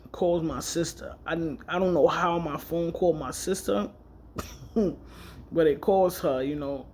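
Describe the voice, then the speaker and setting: A man tells a personal story candidly and emotionally in a casual vlog, rambling and correcting himself as he goes. His voice is a little high and a little mellow.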